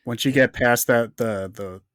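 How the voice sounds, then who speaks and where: A middle-aged man co-hosting a podcast, chiming in with easygoing explanations and halting restarts. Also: mid-range voice, a bit bright, dry recording, clean studio sound. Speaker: podcast co-host. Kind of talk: casual chat.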